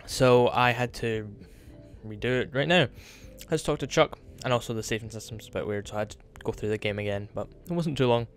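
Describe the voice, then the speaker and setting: A man's voice: mid-range voice, fairly quick, faint music behind. A man hosting a gameplay walkthrough, chatting casually with apologetic asides between reading game lines. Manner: chatty, apologetic asides, reads game dialogue aloud in put-on voices. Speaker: gameplay video host.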